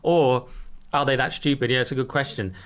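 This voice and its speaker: A man's voice: mid-range voice, steady tone, a little fast, fairly bright tone. A man co-hosting a podcast, joking and sardonic in casual back-and-forth chat. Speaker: podcast co-host.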